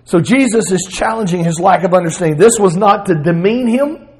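Man, southern accent, high voice, preaching, animated. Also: brisk, rough recording. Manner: expressive preaching, voicing Jesus in bursts. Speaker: pastor. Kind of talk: sermon.

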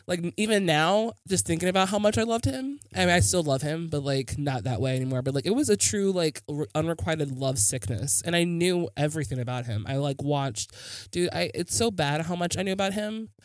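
A woman's voice: on the low side, fairly quick, few pauses, dry recording. A woman co-hosting a podcast, gushing in casual chat, peppering her talk with "like" and the odd swear word. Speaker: podcast co-host.

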